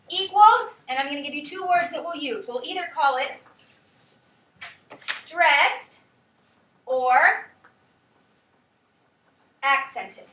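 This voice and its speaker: A woman teaching a class, leading students with lively, sing-song calls. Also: extremely high pitch, a little hiss or hum. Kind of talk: classroom lesson. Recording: echoey classroom from far off.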